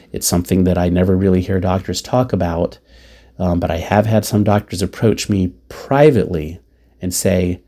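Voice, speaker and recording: A man's voice: on the low side, dark tone. A man who hosts a podcast and is a caregiver, reading diary entries with asides in a blunt, wry, profane way.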